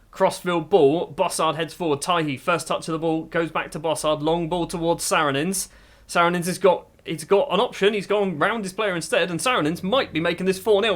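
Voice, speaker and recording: Male gaming host with a fairly high voice, lively play-by-play over gameplay. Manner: excitable play-by-play, musing aloud. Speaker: gaming YouTuber. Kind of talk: football management game commentary.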